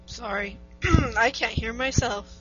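Young woman, teasing podcast co-host, fairly high voice, muffled sound, faint static. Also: slow, fairly bright tone. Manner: teasing, joking. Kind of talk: casual chat.

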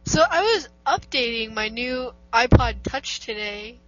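A young woman chats casually as a podcast co-host, teasing and joking. Her voice sits a little high. The sound is muffled, with a faint static hiss. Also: expressive, a little slow, fairly bright tone. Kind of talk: casual chat.

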